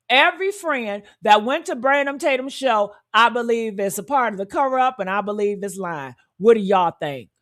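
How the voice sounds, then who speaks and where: A woman delivers true-crime commentary with sass and emphasis. She repeats her points for effect and talks straight to her viewers as honey and y'all. Her voice sits a little high. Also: fairly bright tone. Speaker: commentary channel host.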